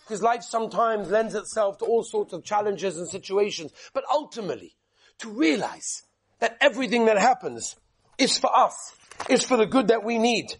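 A man preaching a Torah talk with a very high, husky voice. He tells a tale with lively rhetorical questions, dropping soft and then bursting loud for effect. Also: moderate pace. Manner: animated, rhetorical questions, dramatic swings in volume. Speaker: rabbi giving a Torah talk. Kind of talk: sermon storytelling.

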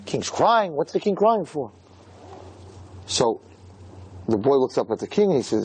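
Animated male religious lecturer. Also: medium pitch, a little slow, pauses often, husky. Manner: animated, conversational. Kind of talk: storytelling sermon.

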